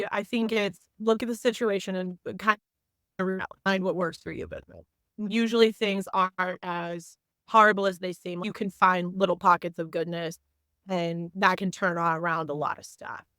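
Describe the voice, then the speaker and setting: A woman's voice: medium pitch, fairly even intonation, normal speed, bright, forceful tone, smooth, no room sound. A young woman, a teacher and coach, chatting candidly as a podcast guest and telling stories with lots of "like.". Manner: candid, storytelling, frequent "like". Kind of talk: casual podcast chat.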